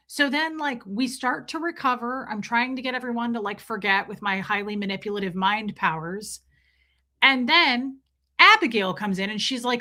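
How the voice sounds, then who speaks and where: A woman's voice: on the high side, normal speed, pushed and bright. A young woman hosting a livestream, chatting casually with her viewers, telling stories and swearing freely. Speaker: livestream host.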